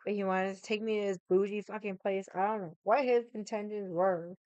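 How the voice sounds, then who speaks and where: A woman's voice: medium pitch, fairly even intonation, fairly quick, a little mellow, clean tone, no room sound, highs cut off. A woman in her forties with a Boston accent, ranting casually and bluntly to camera with heavy swearing and indignation. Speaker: vlogger.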